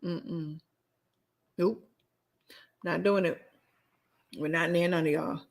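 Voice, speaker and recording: A woman's voice: lowish voice, fairly even intonation, slow pace, creaky. A woman hosting her own podcast, ranting bluntly and sassily in a solo show while answering her live chat. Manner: blunt, sassy, repetitive ranting. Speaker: podcast host.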